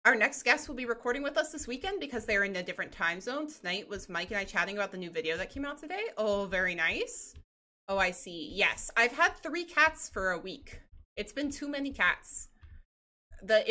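A woman's voice: medium pitch, animated, brisk, pushed and bright. A woman streaming a game, chatting casually and bubbly with her chat, laughing often.

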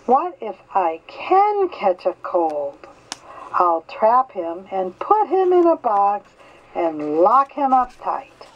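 An older woman voicing an eager, stubborn little boy raccoon in a storybook reading, speaking excitedly and insistently. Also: medium pitch, slow. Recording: slightly dull lo-fi recording.

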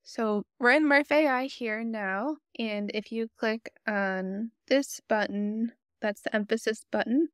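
A woman calmly walking viewers step by step through a software tutorial. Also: fairly high pitch, slow pace, hardly any pauses, clear, resonant tone, dry recording, clean studio sound. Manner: friendly, explanatory, step-by-step. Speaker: tutorial host. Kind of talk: screen-recorded software tutorial.

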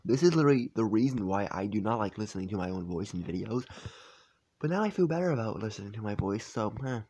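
A young man reacting to his own old videos in a hushed, half-whispered voice, incredulous and amused. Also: fairly low pitch, animated, fast talker. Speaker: YouTuber. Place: home at night.

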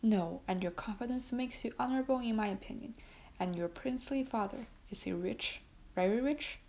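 A woman's voice: on the high side, normal speed, darkish tone. A woman reading a classic novel aloud as audiobook narration, voicing the dialogue in much the same voice, with small slips. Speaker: audiobook reader.

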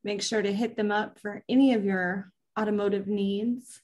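A woman's voice: mid-range voice, steady tone, normal speed, darkish tone, slight background noise. A woman hosting a racing recap show in a casual live stream, chatting and greeting viewers by name.

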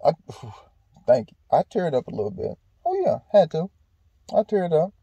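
Male vlog host, gravelly and dark in tone, casual and profane, thinking aloud outdoors. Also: a little high, very animated, measured pace, no room sound, rough recording. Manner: laid-back, candid, swears freely, rambling restarts. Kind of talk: casual reflective monologue. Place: outdoors in a park.

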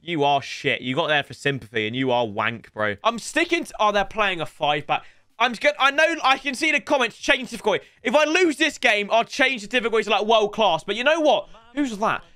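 Lively, bright-voiced gaming lad. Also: male voice, high-pitched, brisk, no room sound, clean studio sound. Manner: sweary, excitable banter addressed to viewers. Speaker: gaming streamer. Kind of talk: live gameplay commentary.

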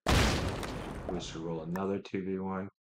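A man streaming a strategy game, thinking out loud, muttering to himself and trash-talking opponents. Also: sits low, little pitch movement, slow, background noise. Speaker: gaming streamer. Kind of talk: live gameplay commentary.

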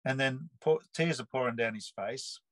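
A man's voice: medium pitch, moderate pace, dry recording, rough recording. A man in his sixties with an Australian accent, telling a personal story in an interview and acting out the people he quotes. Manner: lively storyteller who acts out the people he quotes.

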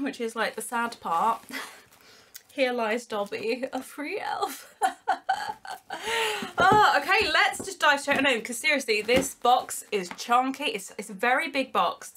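A young woman chatting excitedly while unboxing, gushing and giggly with lots of exclamations. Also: on the high side, noisy background. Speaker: unboxing vlogger.

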